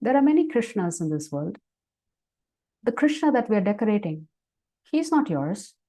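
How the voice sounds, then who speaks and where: A woman voicing a group of playful, protective cowherd girls who talk in excited protest. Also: medium pitch, moderate pace, close to an everyday voice. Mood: teasing.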